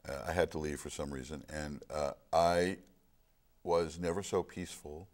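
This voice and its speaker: Very deep-voiced man telling a story. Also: steady tone, normal speed. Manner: reflective storytelling, earnest. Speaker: film discussion guest. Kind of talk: casual chat.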